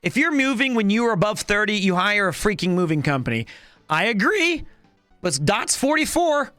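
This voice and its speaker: A man in his thirties chatting casually on a live stream, animated and rambling with lots of restarts. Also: high-pitched, moderate pace, no echo, faint music behind. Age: 30s.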